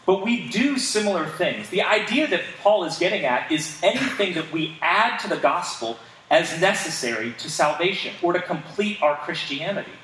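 A man with a slightly high, sharp-toned voice preaches a sermon as a pastor, earnest and emphatic, putting rhetorical questions to his congregation. The recording comes from a distant mic in an echoey room with faint ambient sound.

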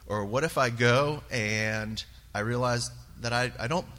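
In a church sanctuary, a church member shares his personal testimony in an earnest, halting way with fillers. His medium-pitched voice has a sharp tone, and the large hall adds a long reverb.

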